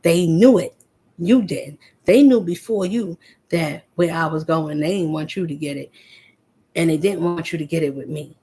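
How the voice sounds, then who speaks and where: A woman's voice: sits low, steady tone, moderate pace, darkish tone, slightly rough. A woman vlogger giving a confrontational spiritual monologue, speaking straight at her listeners. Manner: confrontational, preachy, addresses listeners directly.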